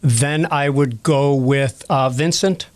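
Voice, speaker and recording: A man's voice: medium pitch, slow pace, darkish tone. A man as a guest historian, answering viewer questions in a rambling, casual way with many fillers and self-corrections. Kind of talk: casual expert Q&A.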